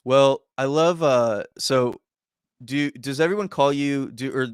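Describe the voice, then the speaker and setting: A man hosts a relaxed conversation, teasing his guest and asking long, rambling questions full of fillers. His pitch is mid-range, and the dry room adds no echo. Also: a little slow, smooth. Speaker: podcast host. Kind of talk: casual chat.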